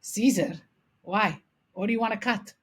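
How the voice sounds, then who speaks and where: A woman's voice: medium pitch, moderate pace, breathy edge, close to an everyday voice. A woman imitating her older immigrant aunt who runs a busy diner, speaking broken English with a Macedonian accent in a brusque, impatient way. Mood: baffled.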